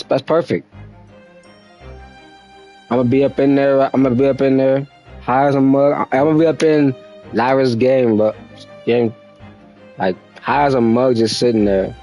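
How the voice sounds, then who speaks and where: A man's voice: mid-range voice, fairly even intonation, measured pace, pauses often, a little mellow, soft background music, rough recording. Laid-back young male streamer. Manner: laid-back, slangy, talks to chat. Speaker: game streamer. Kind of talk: casual stream chat.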